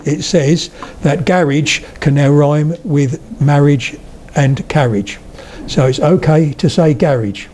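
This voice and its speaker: A man's voice: a little high, dark tone, a little hiss or hum. An older man giving a public lecture, telling humorous anecdotes as he goes. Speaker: speaker on the history of spoken English.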